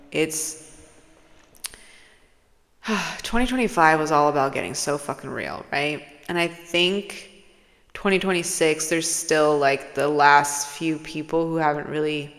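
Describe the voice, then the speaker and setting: A woman talking casually to her viewers as a spiritual channeler, rambling, swearing freely and playful. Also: low-pitched. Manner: rambling, profane, playful, drifts into whispers. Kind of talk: casual personal vlog. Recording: long hall-like reverb.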